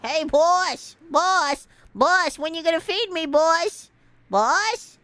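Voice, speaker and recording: A woman's voice: very high-pitched, lively intonation, slow pace, fairly bright tone, heavily acted. A woman voicing a scrappy, hungry male rat henchman who pesters his boss with a whiny, begging manner. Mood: pestering.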